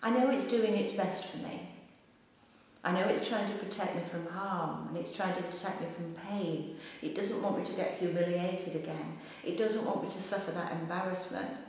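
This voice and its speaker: A woman's voice: fairly low pitch, normal speed. Female practitioner, soothing repetitive guidance; reverberant room. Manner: calm, repetitive coaching phrases. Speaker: EFT practitioner. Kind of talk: guided tapping instruction. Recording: echoey room with long reverb.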